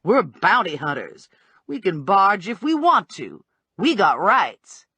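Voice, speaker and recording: A woman's voice: mid-range voice, sing-song, slow pace, sharp tone, husky, no room sound, exaggerated voice. A woman voicing a brash, sassy bounty hunter. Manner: blunt, streetwise slang, drawling.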